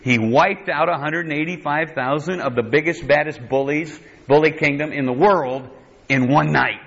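A man's voice: moderate pace, vocal fry. Folksy preacher man, lo-fi sound. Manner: animated, acts out quotes in higher voice, folksy asides. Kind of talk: sermon.

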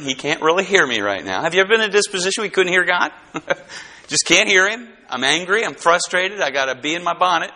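A middle-aged man preaching a sermon as pastor, swinging between hushed, tender asides and emphatic, animated stretches. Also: a little high.

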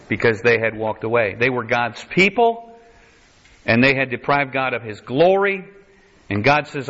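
A man's voice: medium pitch, sing-song, moderate pace, fairly bright tone. A man preaching a sermon as pastor, reading scripture verse by verse and adding wry asides. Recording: dull lo-fi sermon recording.

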